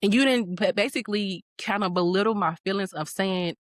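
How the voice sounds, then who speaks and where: Animated woman telling a story. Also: mid-range voice, brisk, dry recording. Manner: animated, acts out quoted voices. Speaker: podcast guest. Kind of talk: casual podcast storytelling.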